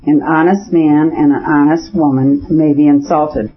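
Guy reading anguished noble wife, husky tone, kinda higher voice, lo-fi audio. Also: steady tone, unhurried, natural voice. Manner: pleading, bitter. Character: distraught noble wife, woman, young adult. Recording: dull lo-fi audiobook recording.

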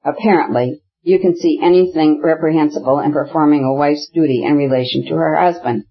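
A cold, sarcastic official husband in middle age, stiff and formal in his speech, as an audiobook reader puts him on. The voice is slightly husky, and the recording sounds dull and lo-fi. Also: fairly even intonation, fairly quick. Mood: contemptuous. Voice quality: thin, shrill and sarcastic. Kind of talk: audiobook character reading.

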